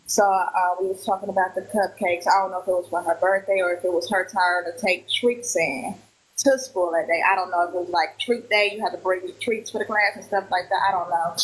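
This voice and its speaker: A woman's voice: fairly low pitch, rough recording. A woman in her thirties from Milwaukee, a witness telling her account in a casual live stream and acting out what people said. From Milwaukee, Wisconsin. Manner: recounts events with acted-out quoted dialogue. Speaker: witness guest.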